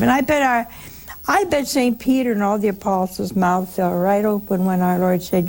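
A woman's voice: mid-range voice, normal speed, a little mellow. A woman giving a spiritual talk to a listening audience, telling stories with humor and acting out the voices of the people she quotes. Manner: folksy, humorous storytelling. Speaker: religious speaker.

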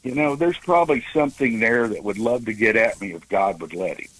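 A man in his sixties calling in to a talk show and telling a personal story, halting with many fillers and restarts. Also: mid-range voice, a bit bright, poor audio. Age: 60s. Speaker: caller.

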